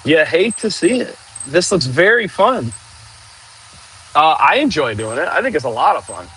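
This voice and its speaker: A man hosting a casual outdoor livestream, chatting and joking with viewers while clearing trees with a machine. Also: a little high, sing-song, moderate pace, bright, forceful tone, slight background noise, low-quality recording. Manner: chatty, jokey, talks to viewers while working. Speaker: livestream host.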